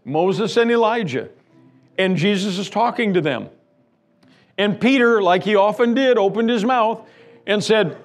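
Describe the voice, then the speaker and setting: Male pastor with a high voice, preaching emphatically in church, soft music underneath. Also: lively intonation, a little slow. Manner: emphatic, repeats words, builds with lists. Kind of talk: sermon. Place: church sanctuary.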